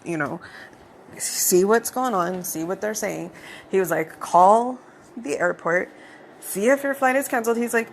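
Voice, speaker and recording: A young adult woman hosting a podcast, telling a personal story in a casual, animated way, swearing now and then and laughing through it. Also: mid-range voice, vocal fry, slight background noise. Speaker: podcast host.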